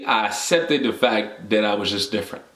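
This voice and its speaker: A young vlogger from the Democratic Republic of the Congo, a native French speaker, delivers a heartfelt motivational talk to camera, reflecting personally and listing numbered points. His voice is fairly low and fairly bright, at a normal pace, with a roomy sound.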